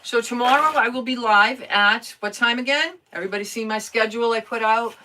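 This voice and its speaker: A woman's voice: on the high side, a little fast, pushed and bright. An older woman chatting casually while crafting on a live stream, talking to herself and answering viewer comments.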